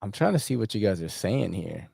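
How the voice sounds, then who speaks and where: A man hosting a casual livestream and chatting in a slangy, laughing, animated way. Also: fairly low pitch, fairly quick, creaky, slightly rough, dry recording, studio quality. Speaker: host.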